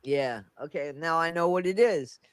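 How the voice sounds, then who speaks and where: A high-pitched man hosts a casual livestream, his voice stuffy and congested. He talks haltingly, restarting his sentences. The sound is dry and close. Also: clean tone, no room sound. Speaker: livestream host.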